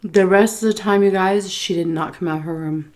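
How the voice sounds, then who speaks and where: A woman from Texas telling a story time while she eats, chatty and animated, quoting dialogue with soft asides about her food. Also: lowish voice, a little fast. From Texas, USA. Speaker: food vlogger.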